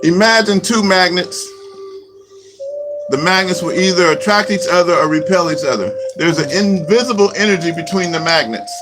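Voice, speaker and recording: A man giving a slow, repetitive spiritual teaching talk as a Reiki teacher. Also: high voice, rough recording. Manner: slow, repetitive, chant-like phrasing. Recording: music playing behind.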